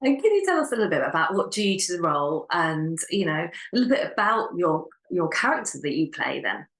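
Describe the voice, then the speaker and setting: A woman's voice: on the low side, big pitch swings, brisk, fairly bright tone. A woman interviewer asking enthusiastic questions and laughing often. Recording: roomy echo.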